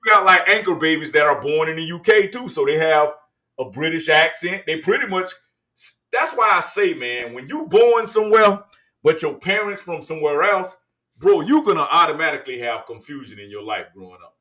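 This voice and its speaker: A man's voice: a little high, animated, moderate pace, sharp tone. A man from the United States hosting casual commentary on video clips, chatty and loose, talking to viewers as y'all. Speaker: host.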